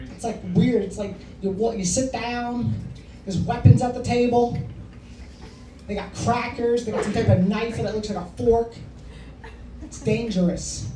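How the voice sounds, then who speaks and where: A man's voice: very high-pitched, dark tone. A man doing a stand-up comedy set in a bar, rambling and self-deprecating and swearing freely. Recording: echoey room from far off, faint noise.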